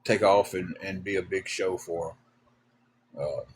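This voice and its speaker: Low-voiced man rambling. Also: steady tone, breathy edge. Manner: rambling, halting, many fillers. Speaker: livestream host. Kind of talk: casual storytelling chat.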